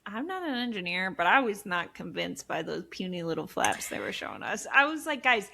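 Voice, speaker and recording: A young woman co-hosting a casual podcast, animated and blunt, swearing and laughing often. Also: fairly low pitch, fairly quick, vocal fry. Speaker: podcast co-host. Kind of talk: casual chat.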